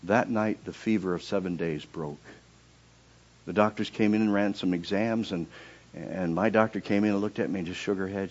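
Husky low-voiced preacher telling his testimony, swings soft to loud, muffled dull recording. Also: steady tone, moderate pace. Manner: voice leaps high and loud when reenacting pleas, drops low and quiet in narration. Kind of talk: emotional sermon testimony.

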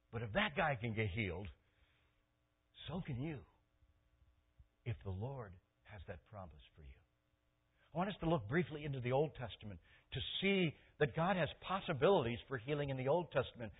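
A male pastor preaching a sermon, telling a story and swinging from hushed tones to loud, excited peaks. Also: mid-range voice, slightly rough, narrow, tinny audio.

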